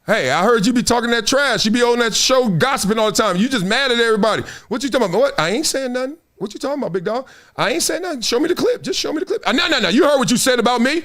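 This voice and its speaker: A man putting on the voice of a cocky male sports commentator, mocking and needling in a raised pitch. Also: fast talker, few pauses, pushed and bright.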